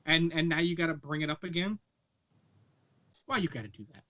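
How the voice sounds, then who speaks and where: A man's voice: a little high, lively intonation, a little fast, bright, forceful tone, highs cut off. A man in a casual video-call chat, talking emphatically with an exasperated edge.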